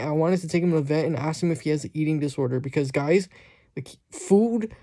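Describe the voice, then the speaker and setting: A man's voice: a little high, fairly quick, dark tone, no room sound, studio quality. A young man vlogging about pet care in a rambling, slangy way, often laughing. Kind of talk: casual vlog chat.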